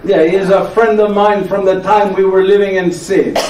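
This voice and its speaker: An actor in a one-man show plays an aging, frail friar who is tired yet playful, using a high voice and an Italian accent. He's a teasing storyteller who keeps tossing in "yes?" asides, his male voice level, moderately paced, a little mellow and lightly acted in a playful mood. He performs before a live audience in an echoey church hall, with the mic far off.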